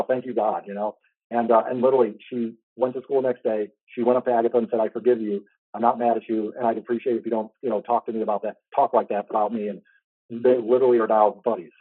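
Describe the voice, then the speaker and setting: A man's voice: mid-range voice, dry recording. A man hosting an interview, telling a personal faith story in an earnest, rambling way. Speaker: host. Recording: tinny phone-like line, dry.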